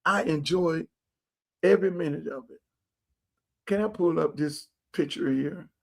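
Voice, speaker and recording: A man's voice: a little high, unhurried, gravelly. A man hosting his own streamed show, ranting to viewers in a blunt, profane, slangy way. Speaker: show host. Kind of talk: casual livestream rant to viewers. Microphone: streaming setup mic.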